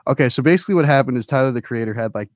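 A man's voice: medium pitch, racing, no echo. Joking young-sounding man, dry close sound. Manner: playful, jokey, mimics voices. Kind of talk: casual chat.

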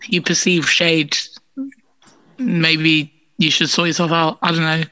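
Deadpan woman with a bright voice. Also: sits low, measured pace. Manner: dry, deadpan. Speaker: podcast co-host. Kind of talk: casual family chat.

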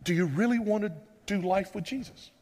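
A man's voice: high-pitched, fairly quick, a little mellow. A man preaching a sermon as pastor, earnest and pleading, pressing his listeners with repeated rhetorical questions. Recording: long reverb of a large room.

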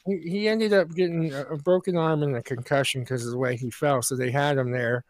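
A man's voice: a little high, fairly even intonation, brisk, no room sound. A man co-hosting a podcast, telling a long story in casual chat and often restarting his sentences. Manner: rambling, full of restarts, acts out quoted voices. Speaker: podcast co-host.

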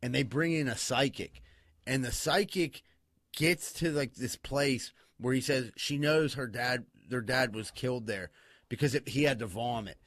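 A man's voice: medium pitch, normal speed, fairly bright tone, dry recording, studio quality. A young man hosting a podcast, telling stories in crude, rambling casual chat and laughing as he goes. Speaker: podcast co-host.

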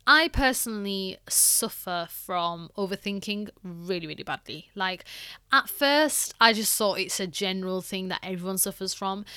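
Young woman, podcast host, chatty storyteller, bright voice, dry close sound. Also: medium pitch, clear, resonant tone, dry recording. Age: young adult. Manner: chatty, heavy use of like and you know. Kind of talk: personal storytelling.

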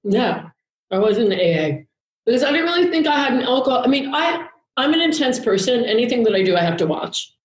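A woman's voice: fairly high pitch, sing-song, fairly quick, echoey room, poor audio. A woman guest telling a long personal story in a candid, rambling way, swearing freely. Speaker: podcast guest. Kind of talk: casual storytelling chat.

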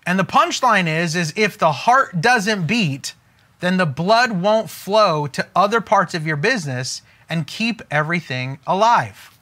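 A business coach gives a forceful, preacher-style motivational talk, slowing down to land key phrases. His voice is high-pitched, animated, and bright.

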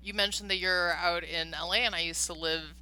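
A woman from Chicago co-hosting a podcast, chatting casually with playful jokes and animated stories. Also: fairly low pitch, fairly quick, clear, resonant tone, poor audio. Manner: playful, joking, animated storytelling. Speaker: podcast co-host. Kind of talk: casual chat.

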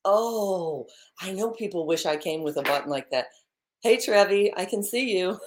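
A woman's voice: fairly low pitch, animated, moderate pace, slight background noise. A woman co-hosting a morning live stream in a bubbly, chatty way, laughing often, talking into a laptop microphone. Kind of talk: casual live-stream chat.

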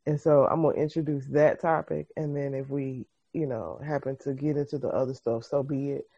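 A woman co-hosting a podcast in casual chat, expressive and storytelling. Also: a bass voice, fairly quick, husky. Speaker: podcast co-host. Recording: muffled video-call audio.

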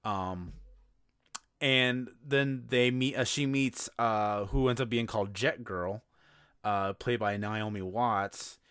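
A man's voice: on the low side, slow, a bit bright, clear, resonant tone, dry recording, studio quality. A man hosting a podcast, chatting casually about a movie, rambling with lots of fillers and laughs. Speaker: podcast host. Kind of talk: casual movie-review chat.

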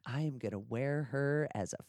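A woman's voice: very deep voice, moderate pace, a little mellow, no echo, clean studio sound. A woman hosting a podcast, telling frank, bawdy stories in a crude casual chat and laughing often. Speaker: podcast host.

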